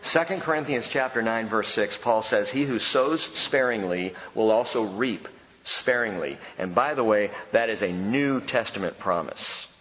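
A man preaching a sermon as pastor, animated and emphatic with humorous asides. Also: lowish voice, normal speed. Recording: dull sound with long hall reverb.

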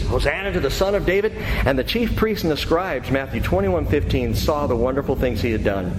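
A man's voice: mid-range voice, heavy background noise. A man preaching a sermon in a church and closing with a prayer, talking emphatically, recorded in a reverberant hall. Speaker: pastor. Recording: echoey hall with faint ambience.

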